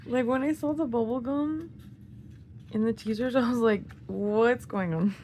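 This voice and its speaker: An excitable woman, chatting casually and gushing through an unboxing, often dropping into a half-whisper. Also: on the high side, unhurried, creaky, pauses often, a little hiss or hum. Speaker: vlogger unboxing albums.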